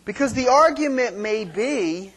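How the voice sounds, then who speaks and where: A man's voice: very high voice, expressive, measured pace, fairly bright tone, husky. A man preaching a sermon on marriage in a conversational way, asking the congregation questions and acting out quarrels. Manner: acts out quarrels in quoted voices.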